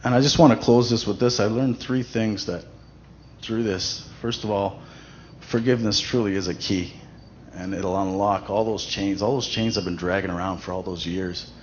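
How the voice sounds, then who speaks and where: A man's voice: on the low side, fairly even intonation, moderate pace. A man giving a casual personal testimony at a church event, talking conversationally with many fillers and restarts. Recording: dull lo-fi recording with faint noise.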